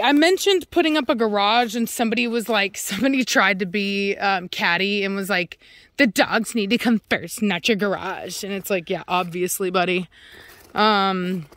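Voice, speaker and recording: A woman's voice: mid-range voice, moderate pace. A woman, chatting casually outdoors on her property into a handheld phone, rambling with lots of "like" and "um". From Texas. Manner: rambling and chatty, full of "like" and "um", breaks off to yell for her dogs. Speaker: dog kennel owner. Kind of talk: casual vlog chat.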